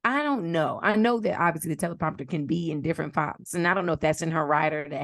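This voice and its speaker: A woman co-hosting a casual podcast, talking in an animated, profane way and slipping into mimicked voices. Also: sits low, fast talker, gravelly, few pauses, dry recording, studio quality. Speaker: podcast co-host. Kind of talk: casual chat.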